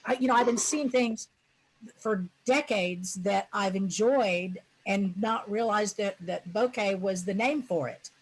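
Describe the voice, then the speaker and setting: A woman's voice: medium pitch, unhurried, slightly rough, rough recording. Chatty woman on a video call. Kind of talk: casual group discussion.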